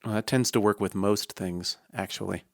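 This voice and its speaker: A man's voice: on the low side, normal speed, gravelly, no echo, studio quality. A man co-hosting a podcast, chatting casually, curious and jokey, asking questions. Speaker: podcast co-host. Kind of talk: casual chat.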